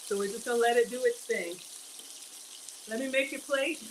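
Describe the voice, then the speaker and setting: A woman's voice: a little high, moderate pace, noisy background. A woman livestreaming from her home kitchen, chatting casually with viewers while she cooks and calling them y'all. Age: young adult to middle-aged. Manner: chatty, addresses viewers as y'all, reads donations aloud. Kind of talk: casual cooking livestream chat.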